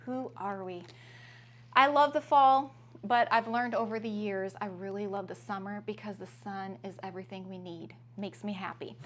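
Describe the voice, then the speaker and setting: A woman's voice: medium pitch, steady tone, moderate pace, a bit bright, a little hiss or hum. A woman, a mother and family vlogger, chatting casually and upbeat through a grocery haul at home, with plenty of "um"s. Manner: chatty, upbeat, many fillers.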